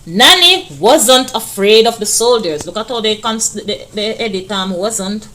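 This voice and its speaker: A woman's voice: mid-range voice, lively intonation, measured pace, sharp tone. A woman teacher, walking children through test answers in a chatty way and stretching words to stress them.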